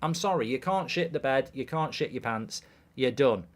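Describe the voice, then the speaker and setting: A man's voice: mid-range voice, animated, moderate pace. A man hosting a live football watchalong, chatting crudely and jokingly, reading out viewer messages and scores.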